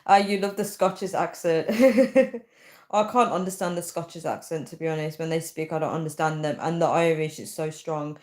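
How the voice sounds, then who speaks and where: A young woman chats casually on a live stream, reading out comments and puzzling over them aloud. She rambles, full of "um" and "like", in a fairly low voice. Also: fairly even intonation, moderate pace, darkish tone. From United Kingdom. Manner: chatty, thinks aloud with many fillers. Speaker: livestream host.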